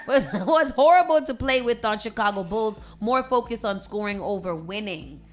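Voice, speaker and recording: A woman's voice: mid-range voice, expressive, moderate pace, soft background music. A woman hosting a morning radio show, reading entertainment news and riffing on it with sassy commentary. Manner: reads news items then riffs with sassy commentary. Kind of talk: casual morning radio chat.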